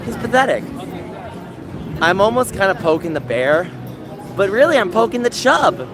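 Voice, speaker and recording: A man livestreaming from outdoors, talking to chat in an animated, mocking, sarcastic way. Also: high-pitched, normal speed, music in the background, crowd noise. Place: outdoors in a busy public area. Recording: outdoor street noise with passing vehicles.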